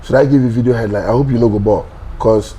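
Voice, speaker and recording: A man's voice: mid-range voice, fairly even intonation, fast talker, mellow, slight background noise, low-quality recording. A man with a Ghanaian accent, a guest in an interview, telling stories animatedly in mixed Pidgin and English and acting out what people said. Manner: mixes Pidgin and English, acts out quoted dialogue, laughs often.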